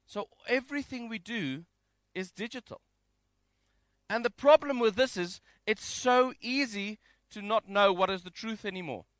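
A man with a high, bright voice preaches a relaxed, jokey sermon, reading scripture aloud between asides. The sound is dry and close, with no room around it. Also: moderate pace, no echo. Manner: conversational, jokey and animated. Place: home, during isolation.

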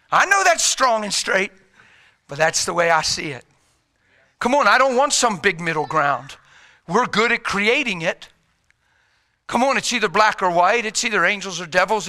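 Middle-aged male pastor, sharp bright tone, slightly high; folksy sermon, loud urgent pushes and hushed quiet stretches. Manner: swings between loud urgent exhortation and quiet intimate hush; folksy, plain-spoken preaching.

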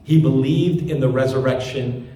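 A man's voice: medium pitch, steady tone, normal speed, warm tone, echoey room. A man preaching a sermon as pastor, fervent and repeating his phrases for emphasis.

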